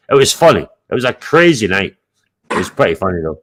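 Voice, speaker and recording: A man's voice: lowish voice, fast talker. Blunt, swearing man. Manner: blunt, heavy swearing, animated storytelling. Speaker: show host. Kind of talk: casual live-stream chat.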